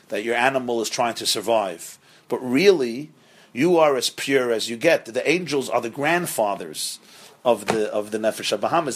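A man's voice: medium pitch, fairly bright tone, breathy edge. A middle-aged man, a rabbi, giving a Torah lecture to a live group, speaking emphatically, repeating key words and acting out quoted voices. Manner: acts out quoted voices while teaching. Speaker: rabbi teaching a class.

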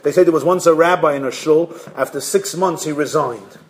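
A man, a rabbi, giving a sermon in an animated storytelling way, acting out voices and jokes along the way. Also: fairly high pitch, a little fast. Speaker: rabbi giving a Torah class.

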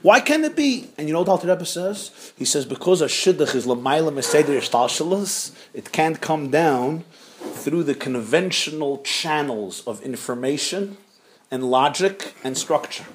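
Animated high-voiced man teaching Torah. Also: moderate pace. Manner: animated, mixing English with Hebrew and Yiddish terms. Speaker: rabbi giving a class. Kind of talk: Hasidic Torah lecture.

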